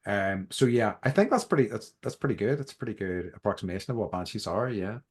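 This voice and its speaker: A man's voice: lowish voice, animated, quick pace, slightly rough. An Irish man co-hosting a podcast, rambling with many restarts and fillers in casual chat. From Ireland. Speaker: podcast co-host.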